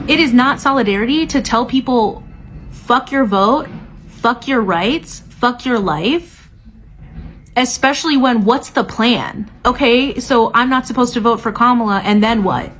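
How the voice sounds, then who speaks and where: A woman's voice: on the high side, a bit bright. A woman giving an angry, emphatic political rant to her phone camera as a TikTok creator, swearing often.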